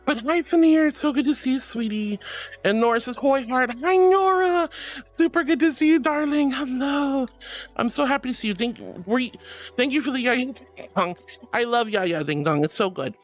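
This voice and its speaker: A woman live-streaming, gushing affectionately and giggling as she thanks her viewers in a soft, sweet way. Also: sits high, animated, normal speed, soft background music. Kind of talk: casual live-stream chat.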